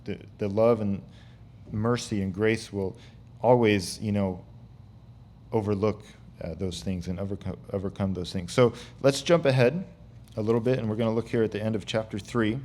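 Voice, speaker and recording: A man's voice: on the low side, fairly even intonation, normal speed, darkish tone. A man from the United States teaching a sermon as a pastor, talking casually and often saying "you know". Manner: conversational, with frequent fillers like "you know".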